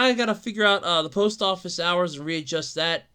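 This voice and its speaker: A podcast host rambling through a casual solo rant, swearing and laughing often, exasperated and rising to shouts when worked up. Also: medium pitch, brisk, smooth.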